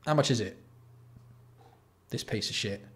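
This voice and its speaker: A man's voice: fairly low pitch, a little slow, a bit bright. A man hosting a live stream, ranting and swearing in exasperation while reacting to products. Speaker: livestream host. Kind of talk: casual live-stream commentary.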